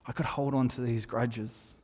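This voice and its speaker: Man, pastor, conversational sermon, mid pitch, animated storytelling, hall reverb. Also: unhurried.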